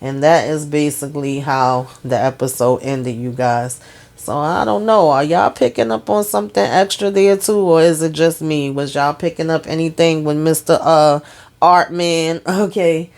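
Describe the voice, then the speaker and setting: A woman's voice: low-pitched, normal speed, darkish tone. A woman hosting a casual TV episode recap, chatty and talking straight to her viewers. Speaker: TV recap host.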